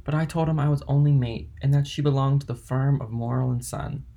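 A man's voice: mid-range voice, steady tone, fairly quick, vocal fry, dark tone, natural voice. A man reading an earnest young mate, Dantès. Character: young male ship's mate, earnest and dutiful. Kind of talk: audiobook reading.

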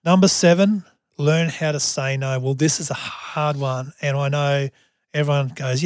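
A man's voice: a little high, steady tone, a little slow, clean tone, no echo, clean studio sound. A man hosting a motivational podcast, talking earnestly and often repeating words as he restarts. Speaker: podcast host.

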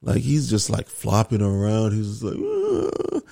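A young man and father telling a family story in casual chat, slangy and animated, acting out what people said. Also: on the low side, moderate pace, gravelly, no echo, clean studio sound. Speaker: co-host, father.

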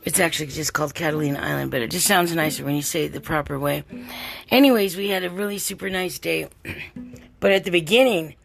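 A gravelly, low-voiced older woman talks straight to her listeners in a loose, rambling podcast monologue. She sounds tired and worn out and wanders through her story in an easy, chatty way, with a little music faintly underneath. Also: fast, a bit bright. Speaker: podcast host.

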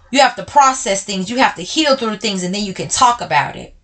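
A woman's voice: on the high side, sharp tone. A woman hosting a podcast, talking openly and emotionally to her listeners, calling them y'all, blunt and direct. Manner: swings between slow and quick speech. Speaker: podcast host. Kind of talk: personal talk to listeners.

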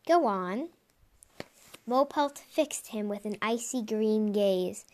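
A woman narrating a storybook in a soft, even reading voice, with the odd slip. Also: medium pitch, measured pace, slight background noise. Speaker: audiobook reader.

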